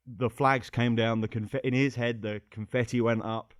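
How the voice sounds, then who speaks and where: A man's voice: medium pitch, fairly even intonation, moderate pace, no room sound. A man from the United Kingdom with a British accent, a guest chatting on a podcast with dry, wry humor. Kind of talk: casual podcast chat.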